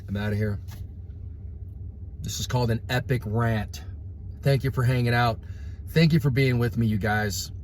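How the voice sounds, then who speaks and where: A male vlogger with a medium-pitched voice, recorded with slight background noise, delivers an impassioned rant to his followers. He's blunt, casual and preachy, calling people bro and dude and praying out loud.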